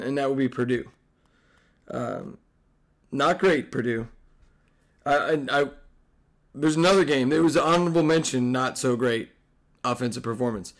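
A hoarse, medium-pitched man hosts a casual sports podcast, excitable and profane, rambling along with restarts.

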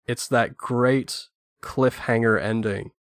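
A man's voice: mid-range voice, fairly even intonation, slow, no echo, studio quality. A man guesting on a film podcast, talkative and enthusiastic, giving strong opinions at length. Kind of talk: casual film podcast chat.

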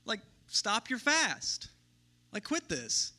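A man preaching a sermon as pastor in a relaxed, conversational way, thinking aloud and asking rhetorical questions. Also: high-pitched, slow pace.

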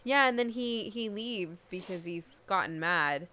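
A woman's voice: mid-range voice, lively intonation, measured pace, sharp tone, a little hiss or hum. A woman co-hosting a podcast, chatting casually and giggling while recapping a TV episode and acting out the characters' lines. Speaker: podcast co-host.

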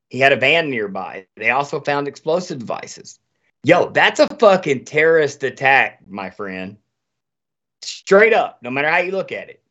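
A man hosts a casual podcast chat and rants with heavy swearing. His voice sits a little high and swings widely. The audio is dull and lo-fi. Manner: animated, profane ranting.

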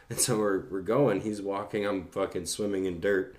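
A man's voice: sits low, steady tone, moderate pace. A young man telling a casual, profanity-laced anecdote in a rambling way.

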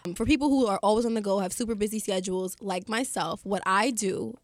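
A woman's voice: mid-range voice, quick pace, no echo. A woman guest in a casual podcast chat, talking easily and laughing often while giving practical advice.

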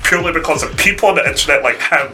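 Man with a very bright voice, ranting. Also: a little high, racing, faint music behind. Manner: opinionated, ranting. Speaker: podcast co-host. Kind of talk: casual chat.

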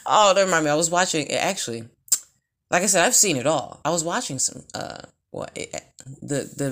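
Brief: woman, low voice that swings widely in pitch, blunt and profane, rambling casual monologue. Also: fairly bright tone. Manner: mimics sounds with shrill outbursts. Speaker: vlogger.

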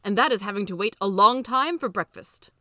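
A woman's voice: mid-range voice, expressive, brisk, bright, forceful tone, no echo, studio quality. A woman voicing a small talking bear who speaks bluntly and matter-of-factly in a storybook reading. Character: small talking bear, stubborn and plain-spoken.

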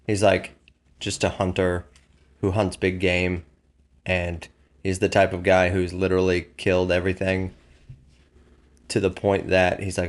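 Casual male co-host, very low voice, chatty, quick asides. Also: monotone. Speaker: podcast co-host. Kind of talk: casual chat.

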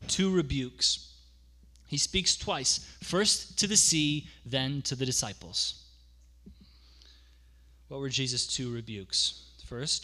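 A man's voice: mid-range voice, sharp tone. A man preaching a sermon as pastor, conversational, explaining with asides and repeating key phrases for emphasis.

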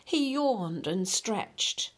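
A woman reading a children's story aloud in a gentle, unhurried way, talking to the children directly. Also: medium pitch, expressive, breathy edge.

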